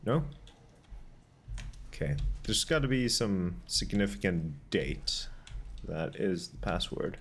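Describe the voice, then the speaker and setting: A man streams a game in a relaxed commentary, with a very deep voice and a slow, unhurried pace. He mutters to himself while puzzling things out and reads notes aloud. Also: gravelly, a little hiss or hum. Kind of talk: casual gameplay commentary.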